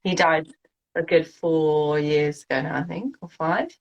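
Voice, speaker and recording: A woman's voice: low voice, measured pace, muffled recording. A woman hosting a casual chat, agreeable and chatty, adding short personal asides. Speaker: host.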